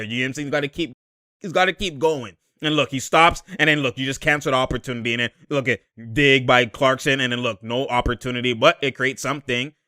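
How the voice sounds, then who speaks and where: A man giving a casual breakdown of basketball footage, animated and often laughing, using street slang and coaching the players aloud. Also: a little high, smooth, no room sound, clean studio sound. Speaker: basketball commentator.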